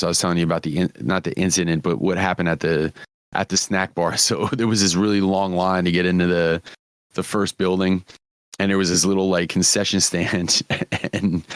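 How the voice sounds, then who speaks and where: A podcast host with a deep, smooth voice tells stories in casual conversation, swearing freely and laughing often. The sound is clean studio audio with no echo.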